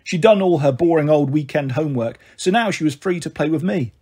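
A man reads a children's novel aloud in a steady, gentle delivery. His voice sits a little high and has a husky edge. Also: brisk. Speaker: storyteller.

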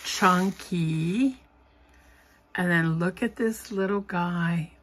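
A woman with a slightly low voice talks slowly and lovingly as she unwraps craft goodies. She gushes, giggles and now and then drops to a whisper, over a faint background hiss. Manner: gushing, giggly, breaks into soft whispers. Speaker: craft vlogger opening happy mail. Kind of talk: casual unboxing chat.

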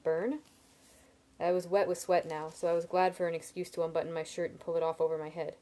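A woman reading a novel aloud in steady first-person narration, with small slips and restarts. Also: fairly low pitch, fast. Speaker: reader.

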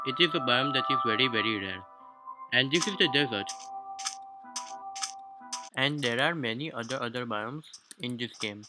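A man's voice: medium pitch, poor audio. A man with a non-native English accent gives a let's-play commentary on a game, explaining things in formal, slightly stilted phrasing. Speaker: gaming YouTuber. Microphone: low-quality home mic.

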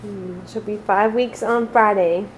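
A woman's voice: mid-range voice, steady tone, unhurried, a little hiss or hum. A mother at home talking to her newborn in sing-song, coaxing baby talk, recorded on a camcorder. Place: at home, indoors. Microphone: built-in camcorder mic.

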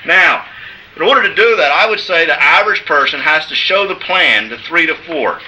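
A man's voice: high voice, sharp tone, dull audio, a little hiss or hum. A man giving a motivational business seminar, emphatic and coaxing, often checking in with his audience. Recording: echoey room from far off.

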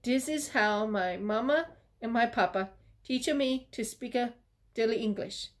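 A woman reading a children's storybook aloud, voicing an eccentric, playful older man who speaks softly and slowly with a few Italian words. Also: on the high side, lightly acted. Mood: timid. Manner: soft, timid, slow speech with put-on Italian words.

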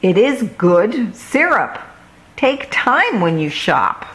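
A woman's voice: mid-range voice, sing-song, slow, a bit bright, a little hiss or hum, pitched above the performer's own voice. A woman doing a fussy shopkeeper. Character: fussy, bossy female shopkeeper.

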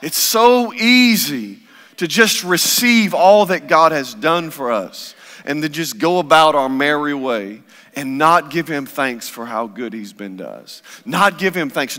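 A man's voice: a little high, bright, forceful tone. A man preaching a sermon as pastor, impassioned and repetitive in his delivery. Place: church sanctuary. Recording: long church hall reverb.

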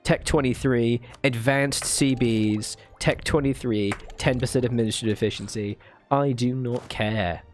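A man's voice: mid-range voice, fairly even intonation, measured pace. A man hosting a strategy game video, commentating casually, joking, and talking to his units as he plays. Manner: playful, muttering, talks to units in game. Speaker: gaming video host. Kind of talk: let's play commentary.

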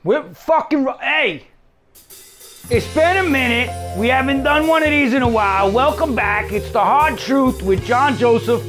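A man hosting a casual cooking chat, talking fast with profanity and hype. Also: very high voice, fairly bright tone, soft background music. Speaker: host. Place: home kitchen.

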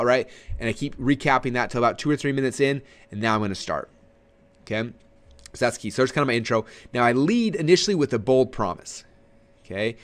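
A man running a recorded webinar training, talking at a quick clip with lots of energy. He leans forward and gestures as he explains, and his words tumble out fast, close to the mic. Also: medium pitch. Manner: energetic, animated delivery, sitting forward and gesturing. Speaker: marketing trainer.

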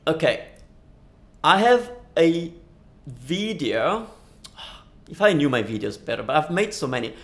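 A man's voice: on the high side, vocal fry. A man teaching a language lesson on a live stream, chatting and answering viewers' questions at a studio microphone. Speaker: Italian teacher.

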